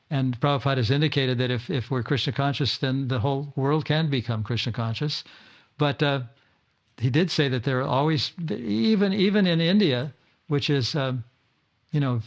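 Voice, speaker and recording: An older man giving an informal talk to his disciples at a home gathering, often stumbling, repeating words and restarting sentences. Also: mid-range voice. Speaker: spiritual teacher.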